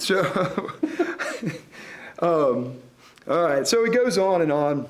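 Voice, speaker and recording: A man on a discussion panel, retelling a story and reading passages aloud with animated delivery. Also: a little high, extremely slow, long pauses. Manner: animated, chuckling between readings.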